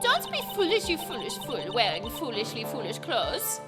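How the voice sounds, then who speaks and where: A woman's voice: on the high side, wildly swooping pitch, moderate pace, loud music behind the voice. A woman voicing an arrogant young female prosecutor in a fumbling put-on German accent that keeps drifting French, reading game dialogue aloud. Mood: scornful.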